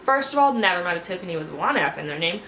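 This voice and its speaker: A woman reviewing a TV episode, retelling it in an animated, sarcastic way. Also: fairly low pitch, fast, slight background noise. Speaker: TV show reviewer. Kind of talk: casual episode recap. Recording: roomy echo.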